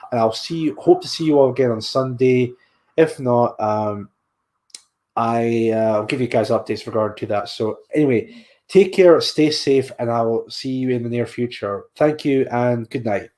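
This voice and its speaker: A man's voice: medium pitch, normal speed, a little mellow. A man hosting a podcast livestream, tired and yawning, rambling and repeating himself as he signs off. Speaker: podcast host. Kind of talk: casual livestream sign-off.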